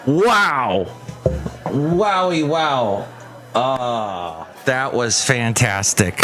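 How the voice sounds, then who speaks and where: A man's voice: medium pitch, very animated, drawn-out words, fairly bright tone. A man hosting a casual podcast chat, goofy and rambling with lots of jokes. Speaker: podcast host.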